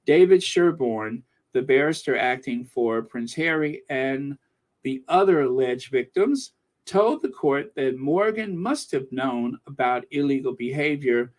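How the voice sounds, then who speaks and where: A man hosting a casual live stream, reading news and viewer comments in a chatty, excitable way. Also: medium pitch. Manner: chatty and excitable, laughing often. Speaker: channel host and commentator.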